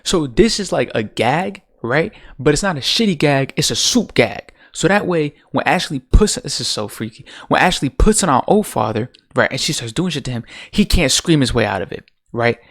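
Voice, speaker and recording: Profane, animated male show ranter. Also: on the high side, moderate pace, hardly any pauses. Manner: profane, exasperated, rhetorical. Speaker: TV show commentator. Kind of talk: casual ranting commentary.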